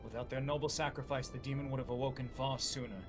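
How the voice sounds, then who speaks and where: Guy reading a solemn rpg narrator, measured olde wording, game music behind. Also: medium pitch, fairly even intonation, close to an everyday voice. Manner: measured, archaic storybook phrasing. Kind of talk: reading game text aloud.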